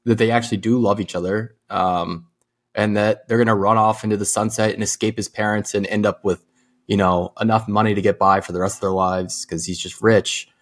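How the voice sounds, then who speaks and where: A young man with a lowish, husky voice chats about a movie on a podcast. He is casual and swears easily, often breaking into laughs. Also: level tone, fairly quick. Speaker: podcast co-host. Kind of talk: casual movie review chat.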